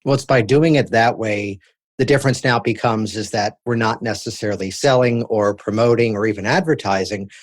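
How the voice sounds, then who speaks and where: A man hosting a podcast, explaining his points in a measured, list-building way. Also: fairly low pitch. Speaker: podcast host. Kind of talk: podcast interview.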